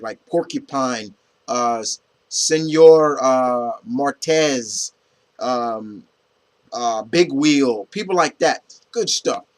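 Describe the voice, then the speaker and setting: Rambling young man reviewing comics. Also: a little high. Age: young adult. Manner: rambling, many fillers and restarts, swears casually. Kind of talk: casual spoken review.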